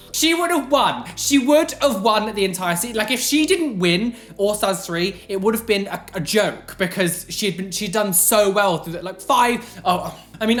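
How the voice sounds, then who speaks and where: A man in his twenties from England with a fairly high, camp voice, chatting animatedly through viewer questions in a casual vlog. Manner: chatty and animated, lots of fillers. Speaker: vlogger answering viewer questions. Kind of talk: casual Q&A chat.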